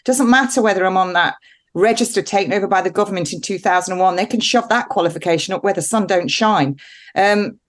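A woman's voice: medium pitch, quick pace. Emphatic rambling woman guest. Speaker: nurse prescriber guest. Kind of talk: animated interview talk.

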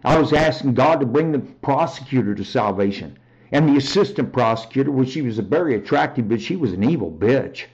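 A man giving a rambling, emphatic personal testimony on a talk show, often raising his voice to near shouting. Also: mid-range voice, animated, brisk, highs cut off.

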